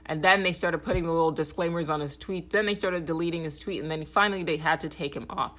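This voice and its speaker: A woman's voice: fast talker, a bit bright. A woman hosting a podcast, giving a blunt, profane political monologue and often checking in with "okay?". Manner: grows heated and higher when agitated. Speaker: podcast host.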